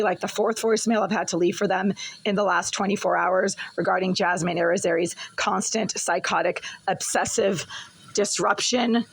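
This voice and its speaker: A woman with a husky, breathy voice that sounds like a smoker's. She rants in an agitated, accusatory way while filming on her phone in her apartment kitchen. Her pitch sits in a middle range. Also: fairly bright tone, poor audio. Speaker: vlogger. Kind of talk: angry complaint vlog.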